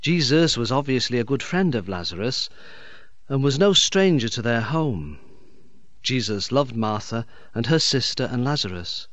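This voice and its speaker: A man, a bishop, giving a calm, explanatory reflection on a Gospel reading. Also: mid-range voice, no echo. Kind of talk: sermon reflection. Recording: dull, dry, lo-fi recording.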